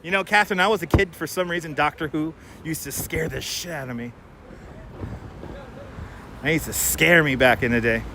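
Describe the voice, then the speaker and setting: A man hosts a casual live stream from city streets, rambling between topics and reading viewers' comments aloud. His voice sits slightly high for a man. A clip-on mic picks him up over faint outdoor noise. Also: normal speed, pauses often, bright, forceful tone. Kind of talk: casual live-stream chat while walking. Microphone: wireless clip-on mic.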